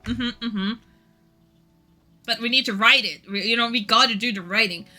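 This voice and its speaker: Woman streamer, native Norwegian, very bright higher voice, giggly rambling chat, faint music underneath. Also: moderate pace. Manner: giggly, rambling, self-deprecating.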